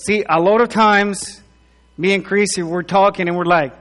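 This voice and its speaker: A man, preaching a conversational sermon into a handheld mic, joking, then swinging from loud emphatic lines to quiet asides. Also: high-pitched, fairly even intonation, moderate pace. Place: church hall. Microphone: handheld microphone. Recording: long hall reverb.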